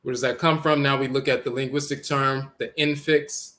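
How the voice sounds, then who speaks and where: Bright-voiced man spelling out words. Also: mid-range voice, steady tone. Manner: deliberate, repeats and spells out words. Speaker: lecturer on language origins. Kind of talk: spoken lecture with on-screen text.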